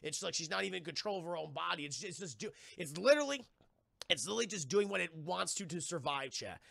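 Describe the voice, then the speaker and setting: A man with a gravelly, fry-heavy voice recaps a TV episode for his stream chat. His tone is bright and forceful, and the sound is dry and close. He rambles, swears freely and drops into quick impressions of the characters. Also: fairly high pitch, lively intonation, no room sound. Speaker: TV review streamer. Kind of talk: casual live-stream recap.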